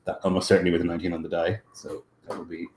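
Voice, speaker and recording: Male player, lowish voice, casual, rules talk with fillers. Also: little pitch movement, very fast, noisy background. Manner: explains dice rolls and actions casually. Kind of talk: tabletop game play.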